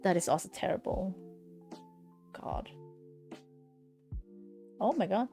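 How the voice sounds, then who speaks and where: A woman's voice: mid-range voice, takes it slowly, creaky, warm tone, slightly rough, faint music behind. A woman streaming live from home, chatting casually in a blunt, ranting way and swearing freely.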